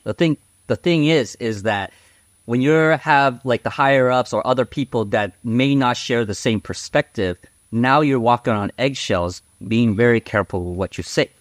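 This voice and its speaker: A man's voice: mid-range voice, normal speed, dry recording. A man talking casually as an interview guest, frank and outspoken, rambling with fillers and tag questions. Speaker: podcast guest. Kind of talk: casual conversational storytelling.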